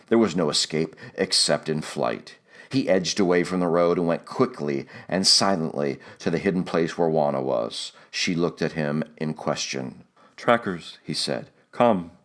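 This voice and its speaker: A man narrating an audiobook in a measured, deliberate way. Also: low-pitched, fairly bright tone.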